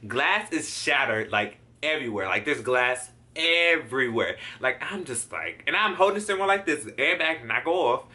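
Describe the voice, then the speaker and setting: A man's voice: medium pitch, big pitch swings, moderate pace, hardly any pauses, bright, forceful tone. A man in his twenties vlogging a storytime, acting out his own reactions and swearing freely. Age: 20s. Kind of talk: storytime vlog.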